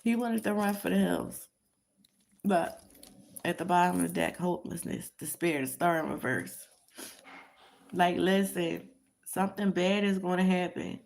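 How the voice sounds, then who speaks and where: A woman's voice: fairly low pitch, unhurried, gravelly, pauses often, a little mellow. A woman giving a casual tarot reading commentary, talking in an emphatic, repetitive way and chuckling at her own remarks. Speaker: tarot reader.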